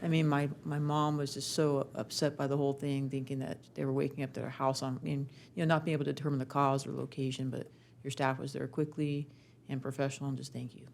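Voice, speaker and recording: A council member speaks in a chatty, personal way, with a gravelly edge and little rise and fall. Faint noise sits behind the voice. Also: mid-range voice, flat delivery, fast talker, a little mellow. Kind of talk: council meeting remarks.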